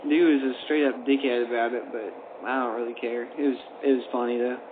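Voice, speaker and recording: A man's voice: medium pitch, a little fast. A young man animatedly recounting a prank with friends, laughing and acting out what was said. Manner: animated, laughs, acts out voices. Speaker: friend telling a story. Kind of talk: casual storytelling. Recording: lo-fi phone-like recording with noise.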